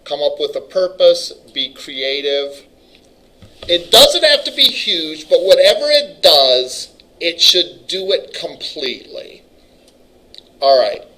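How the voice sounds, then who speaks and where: A middle-aged male instructor giving a classroom lecture in a loose, chatty way. His voice is bright and forward, and he often breaks off mid-sentence to start again. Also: on the high side, sing-song, slow, poor audio. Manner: rambling, casual, self-interrupting. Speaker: college instructor.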